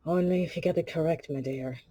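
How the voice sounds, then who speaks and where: A woman voicing a suave, wry male spy action figure who speaks low and quietly. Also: fairly quick.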